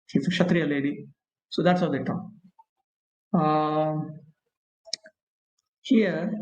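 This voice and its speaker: A man teaching a scripture class, reading verses, chanting Sanskrit slowly, and explaining with many pauses and fillers. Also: a little high, darkish tone. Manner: frequent fillers and pauses, repeats points. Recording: echoey room.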